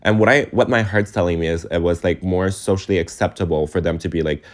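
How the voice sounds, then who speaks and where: Young male vlogger, deep low register, rambling and filler-heavy, emotional and confiding delivery. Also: fairly even intonation, fast talker, few pauses. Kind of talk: casual storytime vlog.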